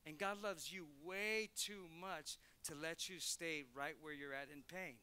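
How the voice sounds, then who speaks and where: A man's voice: on the high side, steady tone, unhurried, bright, forceful tone, clear, resonant tone. A male pastor preaching a conversational sermon in church, telling stories and acting out quotes. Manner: conversational, storytelling with acted quotes.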